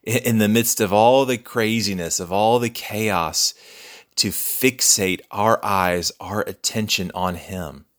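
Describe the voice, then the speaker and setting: A man preaching a sermon as a pastor, earnest and measured, repeating key phrases for emphasis. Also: lowish voice, pushed and bright.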